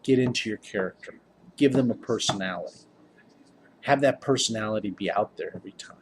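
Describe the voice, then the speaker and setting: A man's voice: fairly low pitch, brisk, noisy background. A tired man, a game master, giving casual tips to camera in a rambling, upbeat way. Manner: rambling, self-interrupting, upbeat.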